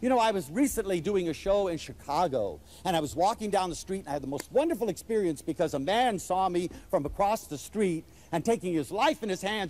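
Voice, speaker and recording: A man's voice: high voice, big pitch swings, a little fast, few pauses, darkish tone. A man giving an inspirational lecture to a live audience, telling stories with enthusiasm and animation.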